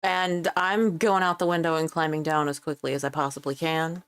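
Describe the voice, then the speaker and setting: A woman playing a tabletop game, brisk and decisive about her character's actions. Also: deep voice, steady tone, smooth, dry recording. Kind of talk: casual chat.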